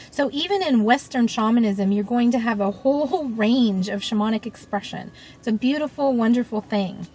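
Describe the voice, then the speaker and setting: A woman's voice: a little high, slight background noise, low-quality recording. A woman with an earnest, thoughtful manner, speaking in a reflective monologue and often leaning on "you know" and "um". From United States. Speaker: shamanic practitioner and teacher.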